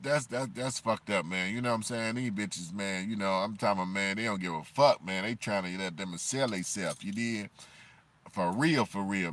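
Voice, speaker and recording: A man rants on a livestream in a loose, rambling flow. His talk is profane and packed with filler phrases, and his pitch sits in an ordinary middle range. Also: a bit bright. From Chicago, USA. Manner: rambling, profane, constant "you know what I'm saying" fillers. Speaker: livestream commentator. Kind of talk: unscripted livestream rant.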